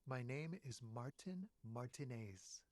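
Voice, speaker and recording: Brief: a cagey young smoker, hushed and guarded, dry close sound. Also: male voice, mid-range voice, animated, takes it slowly, no room sound. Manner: quiet, guarded, evasive. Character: wary young man smoking on a balcony. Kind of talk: video game dialogue.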